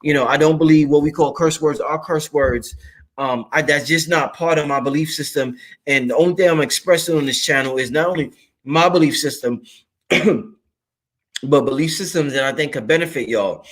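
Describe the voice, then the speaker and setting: A man with a fairly high voice hosts his own channel in a loose, animated monologue. He speaks emphatically and drops curse words freely for emphasis. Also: normal speed. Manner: freewheeling, emphatic and profane. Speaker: channel host. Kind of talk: casual monologue to camera.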